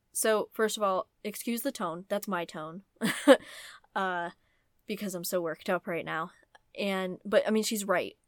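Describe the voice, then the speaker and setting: A woman's voice: medium pitch, dry recording. Dry-sounding young woman ranting about books. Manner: animated, ranting, many fillers. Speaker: book vlogger. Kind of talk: casual opinionated book talk.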